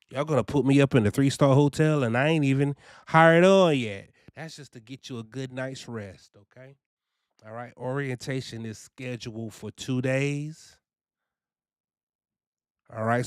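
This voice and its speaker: A young man talks in a loose, animated vlog style, filling his speech with "you know" and "man." His voice is smooth and clear at a middling pitch. The recording is dry and close. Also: dry recording. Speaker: trucking vlogger. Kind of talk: casual first-person review.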